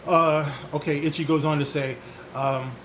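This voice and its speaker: A man's voice: a little high, flat delivery, moderate pace, a bit bright, slight background noise. A man hosting a commentary vlog, reading an article aloud and ranting at its subject as if addressing him directly. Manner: reads an article aloud and riffs on it. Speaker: YouTube commentator.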